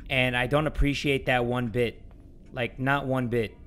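A young man with a sore throat giving jumpy, joking commentary on a horror game, breaking into sudden shouts. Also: medium pitch, flat delivery, unhurried, clear, resonant tone, faint music behind. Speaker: gaming channel host.

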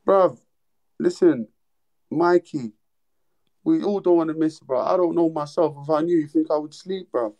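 A young man hosting a livestream, his voice sitting a little higher than most men's. He chats bluntly with callers and teases them in heavy street slang. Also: normal speed, long pauses, mellow, muffled recording. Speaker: livestream host. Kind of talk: casual livestream chat with callers.

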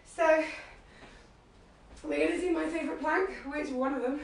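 Breathless high-voiced woman instructor, far from the mic in a very echoey room, low-quality stream. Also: fairly even intonation, normal speed, gravelly, slight background noise. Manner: encouraging, cueing moves and counting reps. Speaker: fitness instructor. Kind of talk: live workout class instruction. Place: living room at home.

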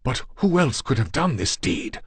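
A man voicing a hot-tempered nobleman who shouts fiercely in a fury. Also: medium pitch, very animated, moderate pace, slightly rough, no echo, pitched above the performer's own voice. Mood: furious.

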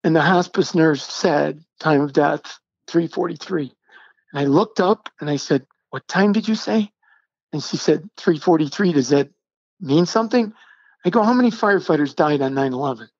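A middle-aged man, a podcast guest, telling a personal story in an earnest, halting way and acting out the dialogue. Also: on the high side, creaky, darkish tone, no room sound. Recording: dull, dry lo-fi sound.

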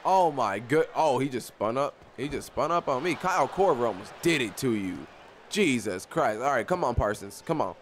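A young man giving casual live commentary on his own basketball video game, excitable and often repeating himself as he talks to the players on screen. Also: medium pitch, moderate pace, a little hiss or hum. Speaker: gaming YouTuber.

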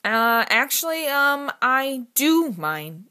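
A woman's voice: high voice, sing-song, slow pace, pushed and bright, pitched above the performer's own voice, full character voice. A woman reading the part of a nervous boy, hesitant but trying to stand his ground.

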